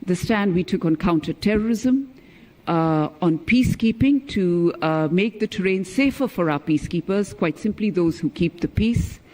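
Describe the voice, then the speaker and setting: Male diplomat, middle-aged, high-pitched, formal keynote, emphatic and deliberate. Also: animated, a little mellow. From India. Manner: emphatic, stresses key words, measured delivery. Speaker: former ambassador, conference speaker.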